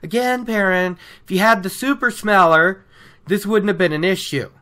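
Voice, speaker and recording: A woman speaks in a loose, chatty way as she recaps a chapter of a book. She laughs easily and slips into quick impressions of the characters. Her voice sounds bright and forward, in a medium pitch. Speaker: book discussion podcaster. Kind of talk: casual book recap chat.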